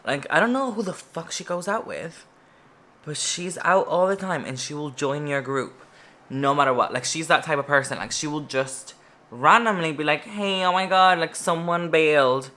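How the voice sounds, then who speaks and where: Woman vlogger with a Spanish mother tongue, bright tone, swears freely and jokes at her own expense. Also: sits low, moderate pace. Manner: chatty, profane, self-mocking jokes. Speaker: beauty vlogger. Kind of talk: casual get-ready-with-me storytime.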